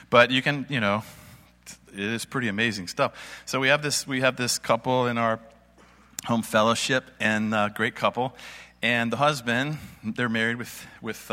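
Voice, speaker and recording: A man gives an informal sermon in a church, his voice bright and forward. He tells his story in a loose, folksy, conversational way. A long reverb hangs after his words, as if he is in a large hall. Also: medium pitch. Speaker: church speaker. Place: church meeting space with audience.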